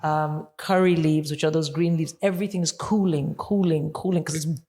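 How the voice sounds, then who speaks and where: A woman's voice: deep voice, steady tone, a little fast, warm tone, in a large hall. A woman from India, a comedian guest, telling stories and explaining at length in a live chat. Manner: storytelling, explaining with lists.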